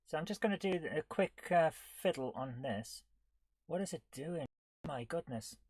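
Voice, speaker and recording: A woman's voice: sits low, animated, moderate pace, darkish tone, slightly rough, no echo. A woman chatting casually on a live coding stream, giggling often and reading on-screen text aloud in a playful way. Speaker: retro gaming streamer.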